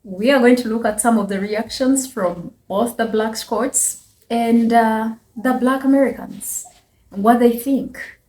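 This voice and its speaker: A woman with a Ugandan accent hosting a reaction video, talking in a slow, measured, chatty way with pauses. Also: fairly high pitch, darkish tone. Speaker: channel host. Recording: echoey room.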